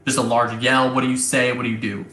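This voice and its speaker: A man running a tabletop game as its game master, narrating casually with hesitant pauses. His voice is bright and forward, and the room gives it a clear echo. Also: mid-range voice, flat delivery, faint music behind. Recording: echoey room.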